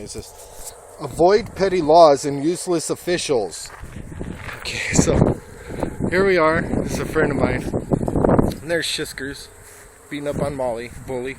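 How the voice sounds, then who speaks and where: A man on a casual vlog, reading inscriptions aloud outdoors with wry asides, recorded on a handheld camera. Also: medium pitch. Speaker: vlogger visiting a monument. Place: outdoors at a rural monument. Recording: noisy outdoor camera audio.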